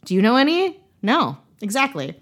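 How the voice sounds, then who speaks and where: A woman's voice: fairly high pitch, very animated, normal speed. A young woman from Wisconsin tells a spooky local tale in a loose, chatty podcast style. She keeps breaking into jokes and laughs while she tells it. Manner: playful, jokey, laughs often. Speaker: podcast host. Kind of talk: casual storytelling chat.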